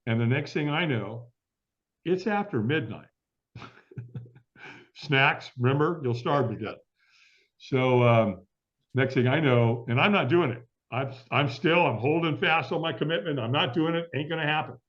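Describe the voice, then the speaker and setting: A man's voice: a little high, a little slow, a bit bright. A middle-aged man telling a long story as an interview guest, acting out the voices of the people in it. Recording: dull lo-fi audio.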